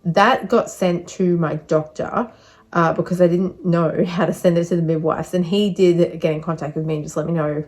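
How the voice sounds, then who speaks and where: A woman's voice: lowish voice, fairly even intonation, normal speed, darkish tone. Breathless, chatty young woman vlogging. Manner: chatty, rambling with many fillers. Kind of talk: casual vlog update.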